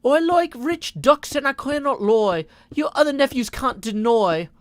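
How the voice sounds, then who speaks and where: A man puts on a posh British woman rhyming a silly rap. The accent is overdone and sing-song, and it sits well above his usual pitch. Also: animated, unhurried, no echo. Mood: playful.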